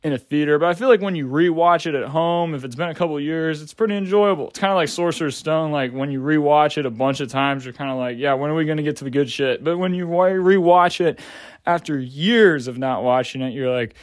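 A man's voice: on the high side, brisk, no echo, clean studio sound. A young adult man giving a casual movie review, rambling with lots of filler words and casual swearing.

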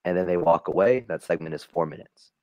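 A man's voice: deep voice, fairly quick, a little mellow, dry recording, dull audio. A man on a podcast reading aloud his written wrestling segment, swearing casually and doing light voices for the quoted lines. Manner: swears freely, reads lines in quotes with small voice shifts. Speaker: podcast co-host reading his fantasy booking.

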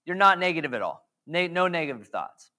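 A man with a bright, forceful and slightly hoarse voice preaches in an easygoing, chatty way. He drifts off on jokey side tangents and keeps asking the audience questions. His voice sits a touch higher than most men's. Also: big pitch swings, brisk. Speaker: pastor. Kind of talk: casual conversational sermon.

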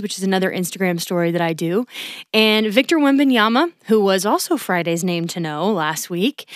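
A woman's voice: medium pitch, smooth, no echo, studio quality. Chatty woman hosting a sports podcast. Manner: chatty, enthusiastic, upbeat. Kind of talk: casual solo sports recap.

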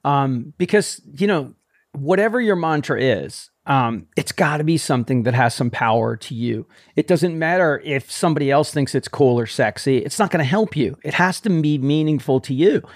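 Animated older man, dry close sound. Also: mid-range voice, no room sound. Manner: animated, swears freely, says "man" a lot. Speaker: running coach and podcast host. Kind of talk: casual chat.

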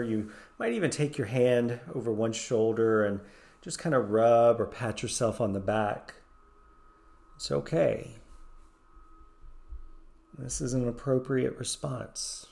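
A man leading a guided meditation, giving slow, gentle, soothing instructions. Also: mid-range voice, vocal fry.

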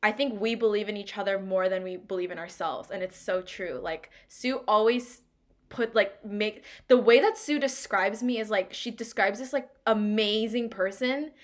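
A woman's voice: medium pitch, moderate pace. A young woman co-hosting a podcast, talking in a heartfelt, rambling way with lots of "like". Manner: heartfelt, rambling, heavy use of "like". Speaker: podcast co-host. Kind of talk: casual chat.

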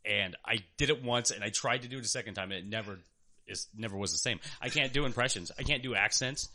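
A young man hosting a podcast, chatting in an eager, animated way. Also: fairly low pitch, quick pace. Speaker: podcast host. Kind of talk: casual chat.

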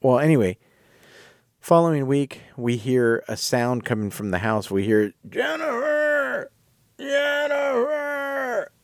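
A male podcast host retells a story in a casual, animated, rambling way, correcting himself as he goes. His voice is mid-range at a moderate pace, captured as clean studio sound with no room reverb.

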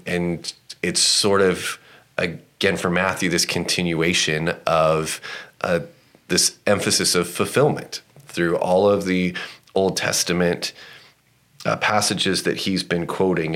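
Male co-host, very low voice, casual and playful scripture discussion. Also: slow pace. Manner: animated, jumps way up in pitch when amused. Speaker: podcast co-host.

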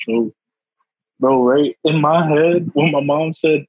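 Young guy rambling a story, kinda husky, dull dry recording. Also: fairly high pitch, slow, no echo. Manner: animated slangy storyteller, laughs often, says "bro" a lot. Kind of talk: casual storytelling chat.

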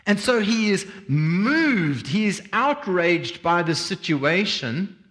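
A man preaching a sermon as a pastor, reading scripture and expounding it with expressive emphasis. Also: high voice, slow pace. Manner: expressive preaching, swings between quiet reflection and emphatic energy.

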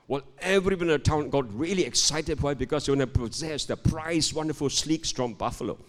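A man's voice: on the high side, brisk, hardly any pauses. An older man preaching a sermon in a church, reading scripture and telling a joke while calling for amens. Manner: calls for amens, animated storytelling. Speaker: guest preacher. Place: church sanctuary. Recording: long hall reverb.

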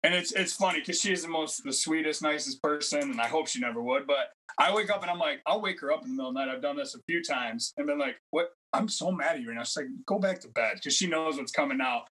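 A man's voice: fairly high pitch, fast talker, hardly any pauses, sharp tone, poor audio. A man in his thirties chatting casually as a podcast guest, rambling through stories and acting out quotes in a raised voice. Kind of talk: casual chat.

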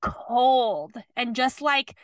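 A woman's voice: high voice, expressive, drawn-out words, clean tone, no echo. A young woman co-hosting a podcast, chatting loosely and sympathetically in casual conversation. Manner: chatty, sympathetic listener, loose rambling phrasing. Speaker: podcast co-host. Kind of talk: casual chat.

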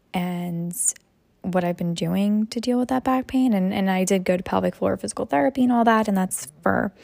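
A young mother talks in a loose, rambling way, filling her sentences with "you know" and "like." Her voice has a gravelly fry to it. The recording is dry, with no room sound. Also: mid-range voice, a little mellow, no echo. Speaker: mom sharing personal reflections. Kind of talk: casual rambling monologue.

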